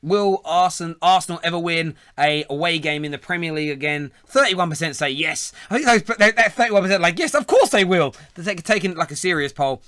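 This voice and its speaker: Forceful, laughing host in his thirties. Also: fairly high pitch, fairly quick, hardly any pauses, smooth, no room sound, studio quality. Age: 30s. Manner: laughing, chatty, fillers. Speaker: phone-in host. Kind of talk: casual live show chat.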